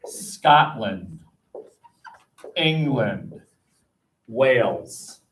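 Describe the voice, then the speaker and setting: Male teacher, animated classroom lecture, swooping lively pitch, distant webcam sound. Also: drawn-out words. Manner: animated, asks the class questions, jokes. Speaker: history teacher. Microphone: webcam across the room.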